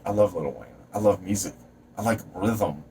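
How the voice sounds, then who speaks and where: A man's voice: low-pitched, normal speed, recorded from a distance, a little hiss or hum. A man giving a rambling, preachy motivational rant to camera, swearing and jumping between topics. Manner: shouts and stretches words when fired up. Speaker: vlogger.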